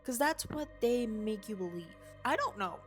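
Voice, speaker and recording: A young woman vlogging at home, rambling excitedly and swearing casually about a film while waving a handheld mic. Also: on the high side, normal speed, faint music behind. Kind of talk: unscripted excited movie rant. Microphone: handheld mic waved around.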